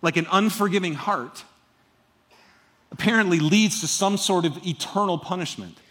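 Man, pastor, sermon, high voice, conversational, emphatic, chatty asides. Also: moderate pace, a bit bright.

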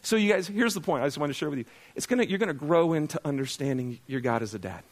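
Pastor, middle-aged man, high-pitched, relaxed and conversational from the pulpit, quizzes his congregation. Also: fast talker. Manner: conversational, self-deprecating, asks the congregation questions. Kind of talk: sermon.

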